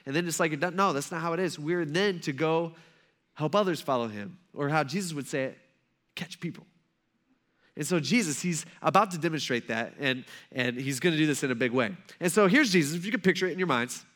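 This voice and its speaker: A man's voice: a little high, animated, a little fast, fairly bright tone. A man as a pastor, telling a Bible story in a loose, conversational sermon style with lots of "like" and "right?".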